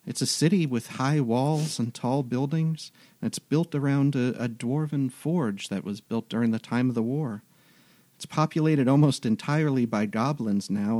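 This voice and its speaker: A game master narrating a tabletop game in a relaxed, descriptive way. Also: medium pitch, no echo.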